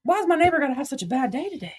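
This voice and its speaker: A woman's voice: high-pitched, very animated, racing. A woman with a Southern accent, chatting on a livestream, cursing freely and reading out text messages. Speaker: livestream host. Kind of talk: casual livestream storytelling.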